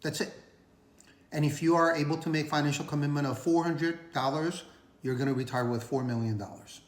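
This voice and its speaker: A man's voice: on the high side, fairly even intonation, a little fast. A man casually talking to camera, giving personal finance advice in an earnest, conversational way with emphatic repetitions. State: recovering from illness. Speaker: finance vlogger. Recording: roomy echo.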